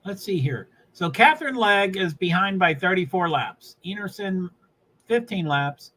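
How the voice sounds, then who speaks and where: A man's voice: sits high, expressive, unhurried, sharp tone, low-quality recording. A man from New England chatting casually on a livestream, rambling and laughing as he follows a race. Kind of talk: casual live commentary while watching a race.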